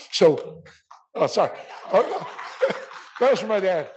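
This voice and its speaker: Halting older man giving emotional remarks. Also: sits high, animated, a little mellow, husky. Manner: halting with repeated restarts. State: choked up. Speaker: symposium speaker.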